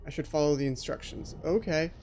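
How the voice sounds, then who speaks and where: A man's voice: on the high side, fairly quick, darkish tone, faint music behind. A man hosting a let's play, giving jittery, frightened commentary on a horror game and talking to himself.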